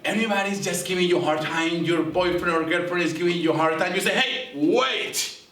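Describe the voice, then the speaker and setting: A man presenting a playful word-of-the-week segment on a school news show, animated and teasing, drawing out the Spanish words. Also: on the high side, fast talker, roomy sound, recorded from a distance.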